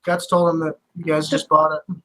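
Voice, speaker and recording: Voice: medium pitch, completely flat delivery, a little fast, fairly bright tone, rough recording. A laid-back game master running a tabletop game with friends. The talk is loose and chatty, with many fillers and frequent laughs.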